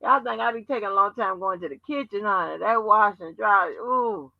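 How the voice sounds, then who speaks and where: A woman's voice: medium pitch, normal speed, creaky. A woman hosting a casual livestream chat, out of breath and exclaiming to the Lord. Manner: exclamatory, calls on the Lord, chatty. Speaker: host. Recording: dull lo-fi stream audio.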